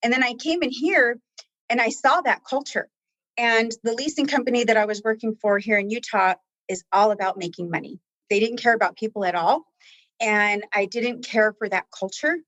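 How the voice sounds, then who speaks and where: A woman's voice: fairly high pitch, normal speed, fairly bright tone, no echo. A woman who talks with staff at a coaching office, telling stories in an earnest, heartfelt way and close to tears. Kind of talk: emotional conversational interview.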